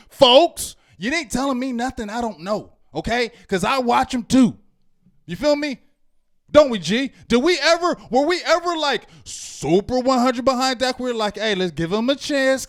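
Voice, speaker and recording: A man hosting a fan reaction show, ranting heatedly and swinging between loud outbursts and low muttering. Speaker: host. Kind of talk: postgame fan reaction rant.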